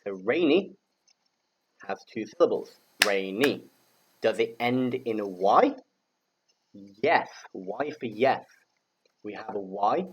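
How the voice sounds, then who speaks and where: Slow, patient British English teacher. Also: male voice, lowish voice, lively intonation, highs cut off, slight background noise. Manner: patient, spells out letters and repeats words for learners to echo. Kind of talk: slow, clear classroom instruction for learners.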